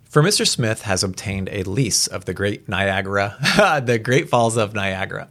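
A man casually reading an old story aloud, re-reading stumbles and adding quick asides. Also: lowish voice, expressive, fairly bright tone. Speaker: reader.

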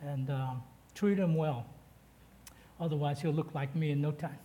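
A man's voice: on the high side, fairly even intonation, moderate pace, pauses often, dark tone. A man preaching a sermon as a guest pastor, breaking into chatty, jokey asides to the congregation and building in force when he reads from the text.

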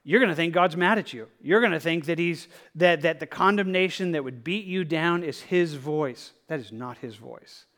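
Pastor guy preaching, earnest, kinda high voice, repeats himself a lot. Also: normal speed, hardly any pauses. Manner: earnest, repetitive, drops to soft tones for quoted prayer. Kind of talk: sermon.

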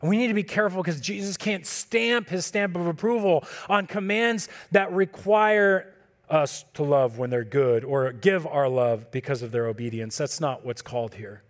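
A man preaching a sermon in a relaxed, conversational way, acting out talks with his kids. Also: a little high, moderate pace. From California. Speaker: pastor.

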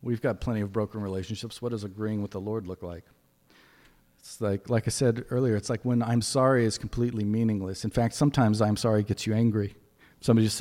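A man's voice: lowish voice, fairly even intonation, quick pace, mellow, big-room sound. A man giving a conversational sermon with folksy asides as preacher.

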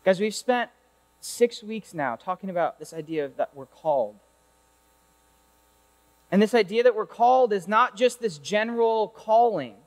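Animated high-voiced male preacher in a hall. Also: normal speed, long pauses. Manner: animated and conversational, full of rhetorical questions. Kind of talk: sermon.

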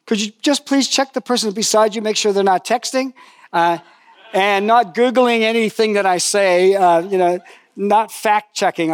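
Older male preacher, high-pitched and chatty, dry close-miked sound, storytelling sermon with humor. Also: no room sound. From lived in New Zealand for decades.

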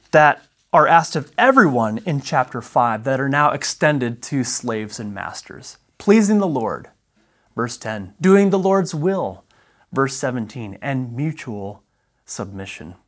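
A male Bible teacher in the middle of a lesson, working through a passage point by point. He speaks in short, measured phrases and leans on key words, with pauses between them. He reads the verses aloud in the same steady manner. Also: medium pitch.

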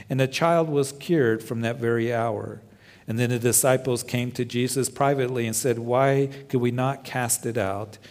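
A man's voice: mid-range voice, a little mellow. A man preaching a sermon as pastor, quoting scripture with feeling and letting his voice rise and fall. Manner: impassioned preaching, voice swelling and dropping, quotes scripture dramatically.

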